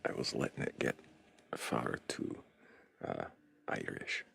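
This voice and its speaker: A man hosting a livestream, talking casually with a dry, teasing manner and calm explanations. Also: takes it slowly. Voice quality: very deep, gravelly and husky. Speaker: livestream host.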